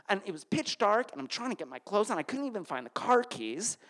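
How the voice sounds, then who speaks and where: A man from Connecticut tells a funny personal story live on stage, and his voice climbs and swoops widely as he goes. His delivery is animated, and it shoots up high whenever he recounts a flustered moment. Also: brisk.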